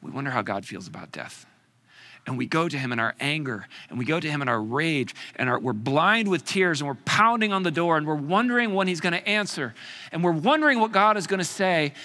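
Animated and somewhat high-voiced, the preacher delivers his sermon with rhetorical questions and dramatic pauses, shifting from loud emphasis down to near-whispers.

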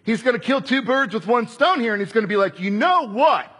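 A man with a high, husky voice preaches a sermon. He tells the story with animated energy and slips into the voices of the people he quotes. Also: fairly quick.

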